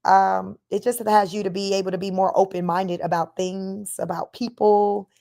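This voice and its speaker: Middle-aged woman host, Bay Area accent with a Southern lilt, casual livestream talk, animated and laughing, mid-pitched voice. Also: moderate pace, gravelly. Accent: Bay Area Californian with slight Southern twang. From Northern California, Bay Area. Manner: animated storytelling, laughs often, reads chat comments aloud.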